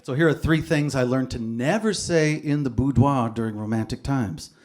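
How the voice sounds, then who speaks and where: A male comedian doing live stand-up at an ordinary, middle pitch. He tells his material in a dry, offhand way. Every so often he punches a line up with sudden force. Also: normal speed, a little mellow. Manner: dry, offhand delivery with sudden bursts of energy.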